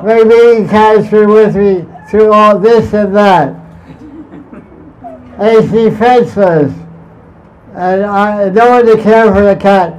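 A man voicing a wife who pleads to stay behind with her cat, speaking in a repetitive, pleading way in a high voice. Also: slow, long pauses, a little mellow. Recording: muffled lo-fi recording.

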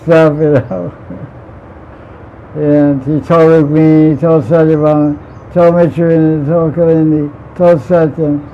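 A man's voice: a little high, level tone, slow pace. A man teaching a scripture class in a playful way. He laughs often and puts questions to the class. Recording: dull lo-fi sound with faint vehicle noise.

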